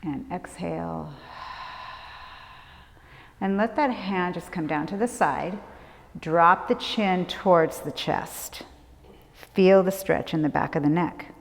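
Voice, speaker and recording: A woman leading a prenatal yoga class, giving calm, gentle movement and breath cues. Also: lowish voice, vocal fry. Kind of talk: guided yoga class instruction. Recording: long hall reverb.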